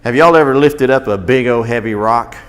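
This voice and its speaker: A man's voice: medium pitch, fairly quick, smooth. A man telling a Bible story to children as their teacher, stopping often to ask the kids questions. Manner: animated, asks children questions.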